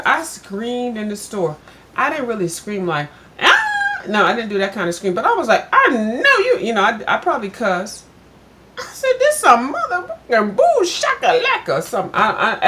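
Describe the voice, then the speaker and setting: A woman's voice: medium pitch, a little hiss or hum. Chatty older woman telling a story. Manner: chatty, addresses viewers as "girl", animated when retelling. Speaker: vlogger. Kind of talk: casual storytelling chat.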